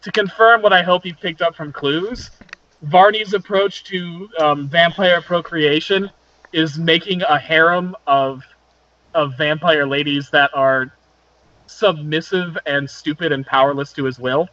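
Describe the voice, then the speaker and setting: A man's voice: a little high, unhurried, pushed and bright, no echo. A man narrating a tabletop game as game master, explaining rules and story with lots of fillers. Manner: rambling, explanatory, many fillers. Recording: dull lo-fi dry sound.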